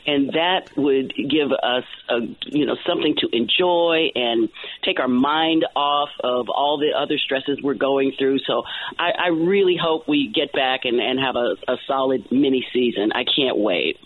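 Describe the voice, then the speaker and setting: A man speaking over a tinny, narrow phone line. He sits at a medium pitch and keeps stopping, restarting and repeating words as he chats. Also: measured pace. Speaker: ballpark public address announcer. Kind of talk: casual phone-in chat. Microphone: telephone.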